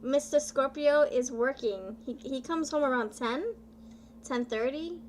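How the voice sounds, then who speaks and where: A woman tarot reader chatting live with her viewers, bubbly and playful, often excited and drawing her words out. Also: high voice, measured pace, a little hiss or hum. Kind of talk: casual live-stream chat with viewers.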